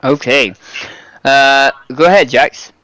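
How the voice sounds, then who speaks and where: A man's voice: medium pitch, takes it slowly, pushed and bright, a little hiss or hum. Hesitant man running a tabletop game. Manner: hesitant, lots of ums and restarts. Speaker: game master.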